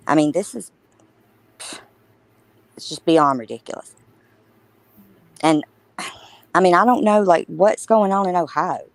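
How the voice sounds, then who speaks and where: A woman's voice: lowish voice, a little mellow, no room sound, rough recording. A woman co-hosting a casual true crime livestream, talking emphatically and indignantly with many restarts.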